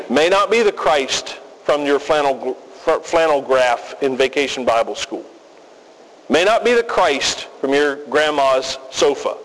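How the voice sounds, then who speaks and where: A man preaching a sermon as pastor, emphatic and deliberate with folksy asides, recorded in a reverberant hall. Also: medium pitch, a bit bright.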